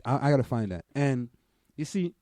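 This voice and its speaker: A man's voice: mid-range voice, expressive, normal speed, dark tone, no echo, studio quality. A Caribbean-born man co-hosting a casual chat, talking emphatically with many stammered restarts. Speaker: podcast co-host.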